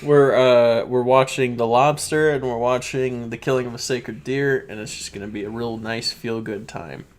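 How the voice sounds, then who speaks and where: A man's voice: mid-range voice, fairly even intonation, moderate pace, hardly any pauses. A young man co-hosting a podcast, his delivery loose and rambling. He laughs often and backs up to rephrase what he meant. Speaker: podcast co-host. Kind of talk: casual chat.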